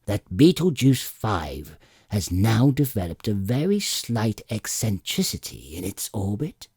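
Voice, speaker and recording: A man voicing an ancient, ghostly great-grandfather who snaps out slow, clipped, contemptuous remarks in an audiobook reading. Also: lowish voice, very animated, a little mellow, breathy edge, no room sound, studio quality, full character voice. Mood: scornful, stern. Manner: snapping, scornful, slow and clipped. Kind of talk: audiobook character voice.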